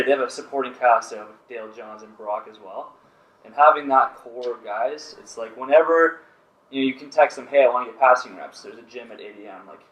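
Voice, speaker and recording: A man's voice: medium pitch, fairly bright tone, far from the mic. A man, a volleyball player, telling stories casually as a podcast guest, laid-back and full of "like" and "you know". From Canada. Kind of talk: casual storytelling. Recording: roomy, from off-mic.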